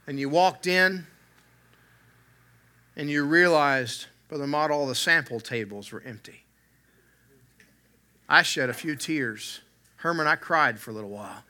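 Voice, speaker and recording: A man's voice: fairly high pitch, sharp tone. A man preaching a sermon from the pulpit, mixing humor with earnest emphasis that swells and drops. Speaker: pastor.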